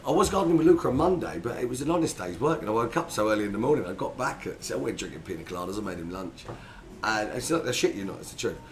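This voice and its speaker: A man's voice: mid-range voice, animated, racing, a little hiss or hum. A man co-hosting a podcast, telling rambling, chaotic stories in casual chat. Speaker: podcast co-host.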